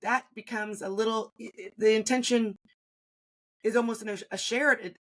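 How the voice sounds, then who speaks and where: A woman's voice: a little high, fairly even intonation, moderate pace, a bit bright. A woman interviewing a guest, responding reflectively and thinking aloud with small restarts. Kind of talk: conversational interview.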